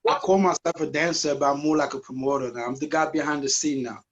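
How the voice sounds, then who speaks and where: A man's voice: on the high side, quick pace, lo-fi sound. A man in his forties with a Guadeloupean French accent, speaking as a guest on a video call and searching for his words. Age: 40s.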